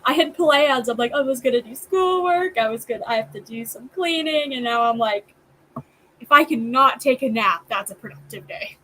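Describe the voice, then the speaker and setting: Young woman co-host, kinda high voice, tired, faint hiss behind. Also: lively intonation, normal speed, sharp tone, poor audio. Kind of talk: casual livestream chat.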